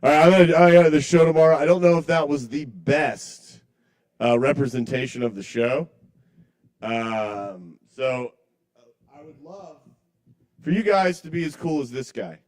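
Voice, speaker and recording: A man's voice: fairly high pitch, moderate pace, a little mellow. Open-mic comic, male; rambling, self-mocking, chuckles at his own bits, live in a small bar. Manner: rambling, self-deprecating, apologizes to the crowd. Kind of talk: live stand-up comedy.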